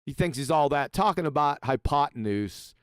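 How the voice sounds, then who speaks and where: A man's voice: a little high, animated, moderate pace, smooth, dry recording, studio quality. A man hosting a live-stream panel chat, talking bluntly and mockingly with frequent swearing. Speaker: host.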